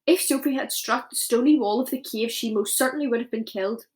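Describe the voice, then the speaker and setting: A woman teacher reading a children's novel aloud, expressive, with small slips as she goes. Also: on the high side, fairly quick.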